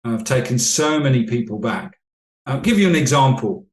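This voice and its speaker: Man, measured coaching guest. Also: mid-range voice, lively intonation, roomy sound. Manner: measured, explanatory, anecdotal. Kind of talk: podcast interview storytelling.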